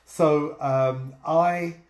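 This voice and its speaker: A man's voice: fairly high pitch, fairly even intonation, drawn-out words. A man co-hosting a casual vlog, telling stories and jokes with many ums and uhs. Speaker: vlog co-host. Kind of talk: casual storytelling chat. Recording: echoey room.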